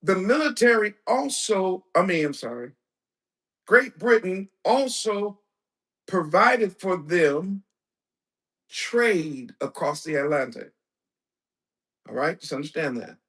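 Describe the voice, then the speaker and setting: A man preaching in a lecture-style sermon, with a high voice and an unhurried delivery. He drives his points hard, poses questions to his listeners, and now and then rises to a shout. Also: animated. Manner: emphatic, with rhetorical questions and bursts of shouting. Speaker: preacher and teacher.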